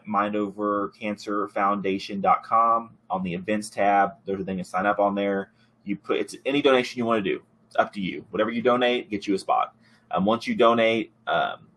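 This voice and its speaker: A man hosting a podcast in casual chat, rambling and relaxed with many fillers and restarts. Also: on the low side. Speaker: podcast host.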